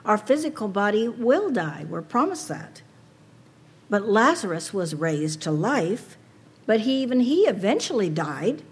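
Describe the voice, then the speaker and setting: A woman's voice: medium pitch, very animated, a little slow, husky. A woman preaching a sermon to a women's audience, earnest and personal, asking rhetorical questions.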